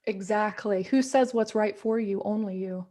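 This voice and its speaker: A woman's voice: mid-range voice, moderate pace, mellow. A woman guest in a casual interview, talking in an earnest, reflective way and often repeating words as she thinks.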